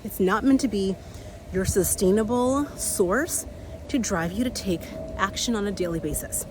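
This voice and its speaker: A woman in her thirties with a slightly raspy voice, hosting an energetic motivational talk outdoors while a little out of breath from walking uphill. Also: mid-range voice, moderate pace, noisy background. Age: 30s. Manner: energetic, repeats key phrases, laughs often. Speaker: podcast host and coach.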